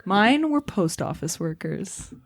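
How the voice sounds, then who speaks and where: A woman co-hosting a casual film chat, enthusiastic and quick to laugh. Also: mid-range voice, very animated. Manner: enthusiastic, laughs often, quips. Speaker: podcast co-host.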